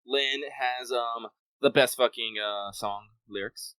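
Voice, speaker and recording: Speaking slowly with fairly even intonation, this podcast co-host chats about games in a rambling, profane way full of fillers. His medium pitch is bright, forceful, clear and resonant. The desk-mic recording has no echo.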